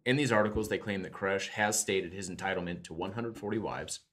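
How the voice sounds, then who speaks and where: A man co-hosting a casual true crime podcast, reading his notes quickly and stumbling over lines. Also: sits low, a bit bright. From United States. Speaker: podcast co-host.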